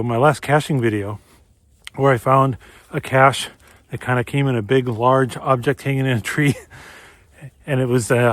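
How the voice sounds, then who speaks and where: A chatty, enthusiastic man from Minnesota talks to his viewers while out on a cold winter trail. He narrates casually into a handheld camera mic and keeps the tone friendly and upbeat. His pitch sits in an ordinary middle range. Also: dry recording. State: slightly out of breath while walking fast. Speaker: geocaching vlogger. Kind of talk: casual outdoor vlog narration.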